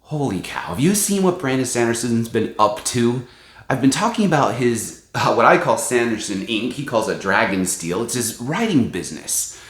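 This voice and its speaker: A man hosting his book channel, telling a story in an animated, casual way with lots of fillers. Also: medium pitch, normal speed, echoey room. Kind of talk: excited casual vlog talk.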